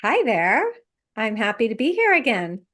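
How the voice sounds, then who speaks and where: A woman guest on a podcast, a life coach explaining her work in a measured, step-by-step way. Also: a little high, big pitch swings, a bit bright. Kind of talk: explanatory interview talk.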